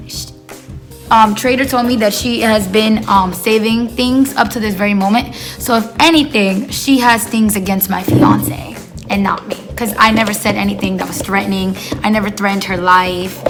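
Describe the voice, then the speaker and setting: A woman's voice: mid-range voice, measured pace, over music. A woman telling a casual storytime, rambling with lots of fillers and acting out what people said. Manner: rambling, filler-heavy, acts out quoted dialogue. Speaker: storytime vlogger.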